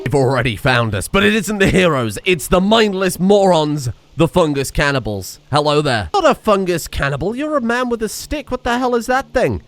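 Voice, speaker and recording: A man giving excitable, sarcastic commentary over a game, scolding the characters as he plays. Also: sits high, moderate pace, hardly any pauses, no echo. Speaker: streamer.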